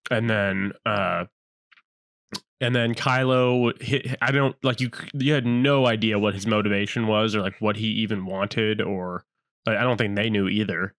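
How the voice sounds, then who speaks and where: A man's voice: on the low side, fairly even intonation, normal speed, a bit bright, no echo, clean studio sound. A young man co-hosting a podcast in casual chat, airing blunt, opinionated takes with fillers. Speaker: podcast co-host.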